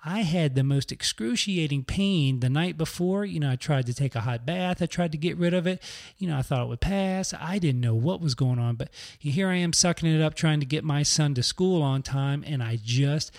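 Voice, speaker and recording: A man's voice: a little high, moderate pace, darkish tone. A middle-aged man hosting a podcast, telling a personal story in a chatty, conversational way. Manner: chatty, conversational, acts out quoted voices. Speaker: podcast host. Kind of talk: casual storytelling monologue.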